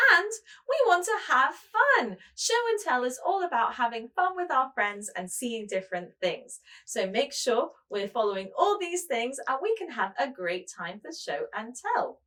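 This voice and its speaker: A woman preschool teacher leading a show-and-tell lesson, speaking slowly and in a sing-song way to small children. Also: on the high side, big pitch swings, bright, forceful tone.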